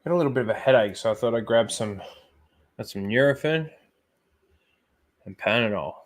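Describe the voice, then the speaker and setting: A man's voice: mid-range voice, normal speed. A man hosting a casual live stream, swearing freely and mocking things in exaggerated wails. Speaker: streamer host.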